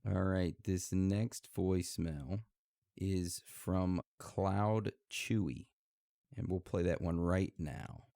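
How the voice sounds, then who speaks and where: A low-voiced man hosts a podcast in a relaxed, chatty way. His voice is gravelly and mellow, and it sits in a dry space. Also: slow pace, dry recording. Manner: relaxed, introduces segments. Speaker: podcast host. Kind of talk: casual podcast chat.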